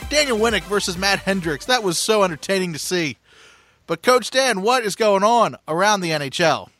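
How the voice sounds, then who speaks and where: A man's voice: high voice, animated, normal speed, pushed and bright, no echo, soft background music. A man hosting a casual sports podcast, introducing segments upbeat and teasing his co-host.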